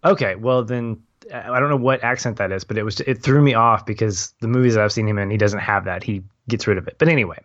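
A man's voice: fairly low pitch, quick pace, hardly any pauses, dry recording. A young adult man in a casual film discussion, thoughtful and rambling, laughing easily. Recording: dull lo-fi audio.

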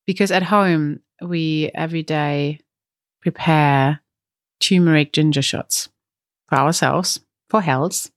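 A woman's voice: low-pitched, steady tone, slow, no echo, clean studio sound. A woman with a German accent, co-hosting a podcast in a chatty storytelling manner and laughing often. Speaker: podcast co-host. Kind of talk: casual chat.

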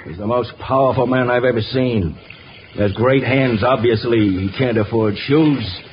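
A wary, scheming pirate skipper voiced by a man talks bluntly and gruffly. The old radio drama sounds muffled, with faint hiss. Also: mid-range voice, moderate pace, natural voice. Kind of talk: 1930s radio drama acting.

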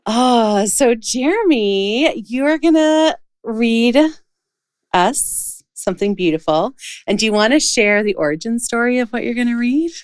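A woman's voice: fairly high pitch, lively intonation, measured pace, clear, resonant tone, no echo, studio quality. A woman podcast host who gushes, gets emotional and laughs often while interviewing her guests. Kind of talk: casual interview.

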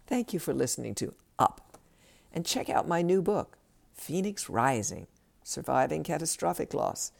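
A woman's voice: deep voice, very animated, measured pace, gravelly, a little mellow. A woman hosting a self-help podcast, giving direct, coaching advice from a script and acting out bits of dialogue.

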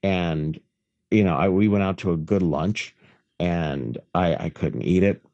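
Deep-voiced sick guy on a podcast, hoarse and rough, swears a lot and rambles, dry close sound. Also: a little slow, a little mellow, dry recording, highs cut off. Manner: crude, rambling storyteller. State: hoarse from illness. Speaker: podcast co-host. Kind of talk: casual chat. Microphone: phone call.

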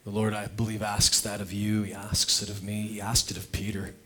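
A man's voice: fairly low pitch, completely flat delivery, a little fast, bright, forceful tone, a little hiss or hum. A pastor preaching conversationally, making heartfelt appeals to his congregation. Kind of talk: sermon.

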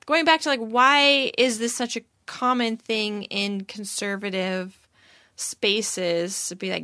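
A woman co-hosting a podcast in a casual chat, talking fast with wry asides. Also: mid-range voice, fairly even intonation, bright, forceful tone, no room sound, clean studio sound. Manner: chatty, wry, quick asides. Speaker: podcast co-host.

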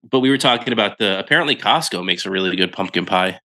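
A man's voice: fairly low pitch, expressive, fast talker, sharp tone. A man co-hosting a podcast in casual chat, sounding nasal and congested from a cold, joking and reading a listener email aloud. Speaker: podcast co-host.

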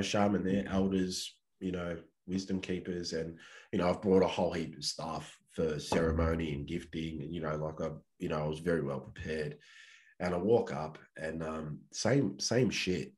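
A man's voice: low voice, steady tone, moderate pace, a little mellow. A man with an Australian accent, a podcast guest telling a long personal story in a rambling, laid-back, swear-heavy way. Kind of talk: casual storytelling.

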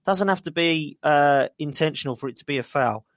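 A man's voice: fairly high pitch, a little fast, fairly bright tone, no room sound, studio quality. A man co-hosting a football podcast, talking in a plain, exasperated way. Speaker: podcast co-host. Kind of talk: casual football chat.

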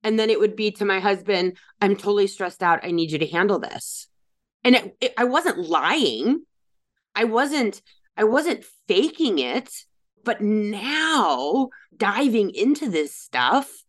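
Candid woman musing on parenting. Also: mid-range voice. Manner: candid and conversational, with self-corrections and rhetorical questions. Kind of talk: reflective personal monologue.

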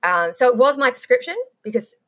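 A young woman telling an interviewer a candid story, animated and swearing freely. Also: fairly high pitch, fairly quick. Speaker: guest.

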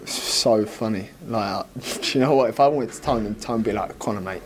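Un jeune boxeur à l'britannique qui répond en interview d'après-combat sur un ton détendu et un brin moqueur, entre deux rires. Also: male voice, lowish voice, moderate pace, background noise. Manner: casual, laughs often, dismissive. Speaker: boxer. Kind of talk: post-fight interview.

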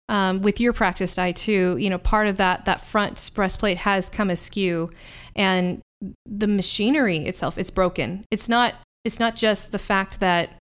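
Woman GM, clear smooth voice, steady descriptive narration. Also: mid-range voice. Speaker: game master. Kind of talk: narrating a tabletop game.

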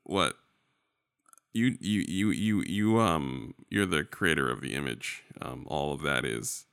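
A man's voice: rumbling low, animated, slow pace, vocal fry, fairly bright tone, clear, resonant tone, no echo, clean studio sound. A man co-hosting a podcast in casual, rambling, joking chat. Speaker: podcast co-host.

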